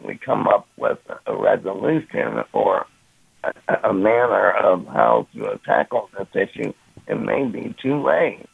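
A man calling in to a radio show, speaking slowly and hesitantly with many fillers. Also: sits low, vocal fry, husky, no echo. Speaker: caller. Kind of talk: phone-in call to a radio show. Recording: tinny phone line.

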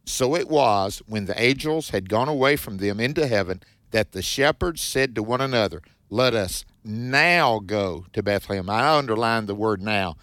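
A man's voice: fairly low pitch, expressive, no echo. A man hosting a radio Bible teaching show, reading verses and explaining them emphatically. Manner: warm-hearted, emphatic, reads scripture then comments quickly.

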